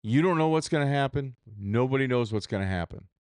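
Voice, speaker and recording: A man's voice: medium pitch, animated, brisk, a little mellow, clean tone, no room sound, clean studio sound. A man hosting a solo podcast, talking in a candid, profane, rambling way with restarts. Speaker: podcast host. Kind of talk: solo reflective podcast monologue.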